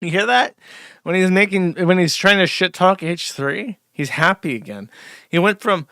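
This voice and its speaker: A man's voice: high voice, animated, moderate pace, creaky, bright, forceful tone, no echo, studio quality. A man hosting a commentary show, casually mocking the clips he plays.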